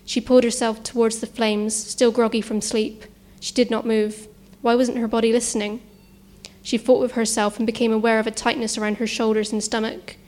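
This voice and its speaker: A woman's voice: fairly high pitch, level tone, a little mellow. Woman narrating a suspense story. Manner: measured, tense storytelling.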